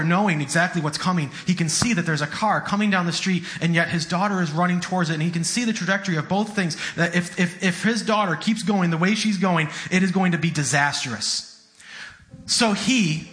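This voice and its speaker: A man's voice: sits high, a bit bright. A man preaching a sermon in an earnest, conversational way, often repeating his words.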